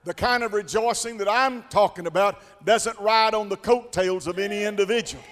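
High-voiced preacher man in a reverberant church. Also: moderate pace. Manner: rhythmic call-and-response preaching that swells into shouts. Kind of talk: sermon. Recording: long church hall reverb with faint congregation.

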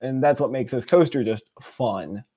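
An animated man co-hosting a casual chat podcast. His voice sits at a middle pitch and leaps up when he gets excited, with a playful, jokey delivery. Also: normal speed, husky. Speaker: podcast co-host.

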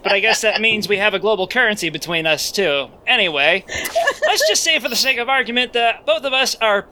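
A man's voice: high-pitched, lively intonation, fairly quick, background noise. A man playing a bumbling, second-class guardian angel in an improvised comedy parody, goofy and giggly. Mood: playful. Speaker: player.

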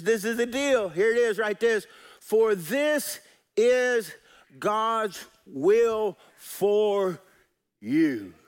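A man pastor preaching a sermon, folksy and animated, calling out to his congregation and swinging between soft and loud. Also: sits high.

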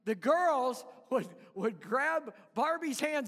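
Brief: male pastor, unhurried storytelling sermon, long hall reverb. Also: sits high, expressive, fairly bright tone. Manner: storytelling, chuckling, halting restarts.

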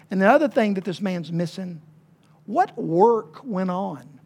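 A woman preacher, giving a sermon with folksy humor and dramatic swings between hushed and loud emphasis. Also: mid-range voice, expressive, a little slow. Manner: folksy and humorous, with playful asides.

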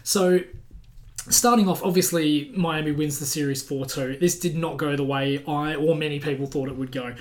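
A man's voice: on the high side, steady tone, moderate pace. A man co-hosting a casual sports podcast, telling stories animatedly and laughing as he goes. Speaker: podcast co-host.

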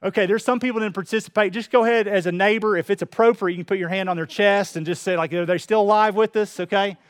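A man's voice: high voice, steady tone, fast, smooth, no echo, studio quality. A man preaching a sermon to his congregation, building in intensity and acting out quoted voices.

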